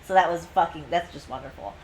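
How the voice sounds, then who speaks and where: A woman's voice: sits low, quick pace, slight background noise, rough recording. A woman co-hosting a podcast, chatting casually and profanely about a book and acting out lines from it. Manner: profane, gushing, acts out quotes. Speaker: podcast co-host. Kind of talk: casual book review chat.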